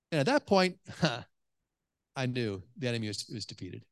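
A man preaching a sermon to a congregation, telling stories in an animated way with many restarts. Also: fairly high pitch, moderate pace, no echo, studio quality. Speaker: pastor. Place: church hall with congregation.

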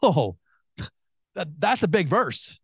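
Emphatic middle-aged preacher, slightly high voice. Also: male voice, slow, slightly rough, no echo. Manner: emphatic, swinging from excited bursts to hushed intensity; repeats phrases and restarts. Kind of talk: sermon.

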